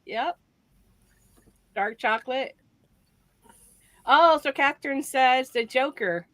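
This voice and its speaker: Woman, livestream co-host, giggly, high voice, dry close sound. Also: slow, bright, forceful tone, no room sound. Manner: giggly, laughs often. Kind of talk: casual livestream chat.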